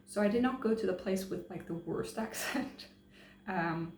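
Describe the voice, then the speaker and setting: A woman's voice: mid-range voice, normal speed, darkish tone. A woman chatting casually to camera, hesitant, with many fillers and restarts. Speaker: travel vlogger. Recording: roomy echo, faint hum.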